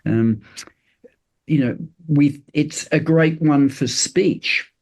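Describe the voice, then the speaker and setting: An older man, a podcast guest talking earnestly in a loose, explanatory way, often pausing on fillers and restarting sentences. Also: fairly high pitch, a little mellow. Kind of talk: casual interview chat.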